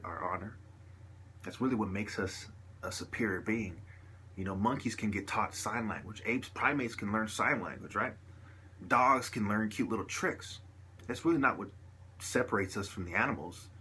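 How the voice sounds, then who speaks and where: Male vlogger, lower register, loose rambling street-slang delivery. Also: sharp tone, a little hiss or hum. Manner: rambling, slangy, sprinkled with "you dig". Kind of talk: casual monologue to camera.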